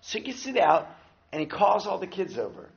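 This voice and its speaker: A man's voice: sits high, brisk, vocal fry, muffled recording. A man teaching a church class, telling a story animatedly and acting out the people in it. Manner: animated storyteller who acts out quotes. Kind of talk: storytelling sermon talk.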